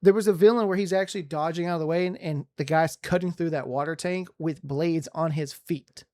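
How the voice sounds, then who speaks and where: A man co-hosting a casual podcast, reviewing a movie in an excited, rambling way with lots of restarts. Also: a little high, fairly quick. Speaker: podcast co-host.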